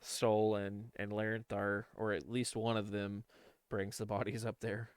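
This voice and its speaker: A man's voice: on the low side, unhurried, clear, resonant tone, dry recording, clean studio sound. A man playing a tabletop game, eagerly describing what his character does. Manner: animated, eager telling of his character's actions. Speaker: player. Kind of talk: casual tabletop play.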